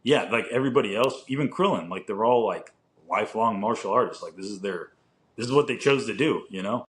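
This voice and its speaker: A man's voice: lowish voice, lively intonation, brisk. A young man co-hosting a podcast in casual chat, rambling with lots of filler words and casual swearing. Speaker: podcast co-host.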